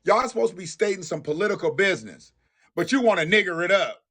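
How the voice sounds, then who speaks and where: A man's voice: high-pitched, big pitch swings, fast talker, bright, forceful tone. A man hosting a live-stream commentary show, ranting bluntly and profanely and talking straight to his viewers. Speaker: livestream host.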